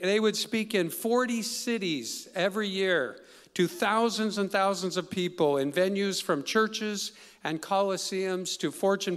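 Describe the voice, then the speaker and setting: A man's voice: sits high, a bit bright, clean tone. A man introducing guest speakers to an audience, formal with light joking asides. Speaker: event host introducing guests. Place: large hall. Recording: hall reverb.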